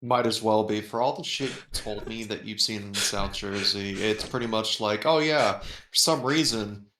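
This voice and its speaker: A man with a lowish, bright voice, tossing out wry asides in casual chat with his co-hosts. His voice carries some echo from the room. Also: level tone, moderate pace, slight background noise. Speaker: co-host.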